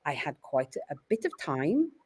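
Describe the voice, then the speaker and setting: A low, slightly breathy voice at an ordinary speed belongs to a middle-aged Welsh woman. In a podcast chat she reflects openly on parenting, earnest and expressive as she tells her stories.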